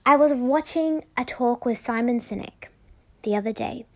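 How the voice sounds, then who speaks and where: A woman's voice: a little high, moderate pace, a little mellow. A woman hosting a casual solo podcast, telling a story in a chatty, enthusiastic way. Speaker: podcast host.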